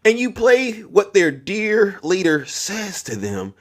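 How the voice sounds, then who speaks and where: His voice sits high and swings hugely in pitch, though he speaks slowly, and the recording is very noisy. This livestream host rants about politics in a heated, combative way, repeating himself and speaking straight to his audience.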